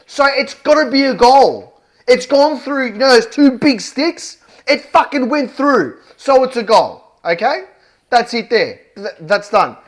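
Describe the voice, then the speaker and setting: A man's voice: extremely high pitch, expressive, unhurried. An Australian man ranting through a heated football match review, worked up, swearing and hammering his points. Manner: worked up, swears often, punchy and emphatic. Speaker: football fan vlogger.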